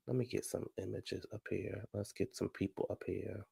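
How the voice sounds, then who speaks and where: A man giving a sassy, animated casual review of a reality show, talking straight to his viewers. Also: fairly low pitch, moderate pace, vocal fry, slightly rough.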